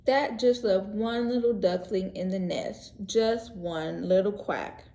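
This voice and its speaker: A woman teacher reading a picture book aloud to young children, gentle and expressive, pausing to ask questions and explain words. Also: mid-range voice. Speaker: pre-K teacher. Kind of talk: read-aloud story lesson for young children. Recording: echoey room.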